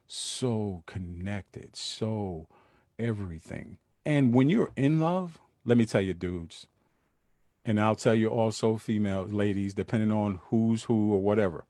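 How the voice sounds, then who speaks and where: This man's voice sits fairly low, recorded in clean studio sound with no room echo. As a podcast host talking casually to his listeners, he uses street slang, throws in animated asides, and acts out little scenes with quoted lines.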